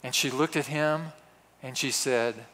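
A man preaching a storytelling sermon, swinging from hushed asides to loud, emphatic exclamations. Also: medium pitch, a little slow. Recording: long reverb of a large hall.

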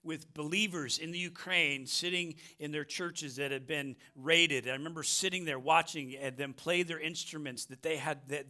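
Middle-aged American male pastor, bright and a touch high, emphatic sermon style. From United States. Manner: emphatic, repeats phrases, frequent "right?".

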